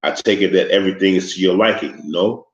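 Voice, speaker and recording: In a storybook reading, a man with a low, lightly acted voice plays an older, formal crime boss with a thick foreign accent. The boss speaks courteously, politely and without hurry. The room recording is echoey and slightly muffled.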